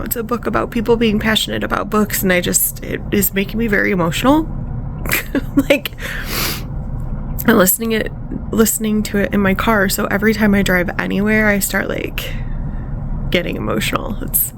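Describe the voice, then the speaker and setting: A woman who teaches, talking casually to her camera at home in a chatty, excitable way, trailing off and restarting her sentences and sometimes dropping to a whisper. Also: mid-range voice, a little fast, creaky, background noise. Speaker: teacher and vlog host. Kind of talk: casual diary vlog. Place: home room.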